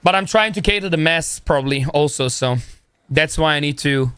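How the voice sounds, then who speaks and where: A young man, talking in a loose, rambling, slangy way with plenty of "bro", pitched somewhat high for a man. His voice is close to the mic and dry, with no room sound. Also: moderate pace, pushed and bright, clean tone, no room sound. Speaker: streamer. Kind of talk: casual live-stream chat.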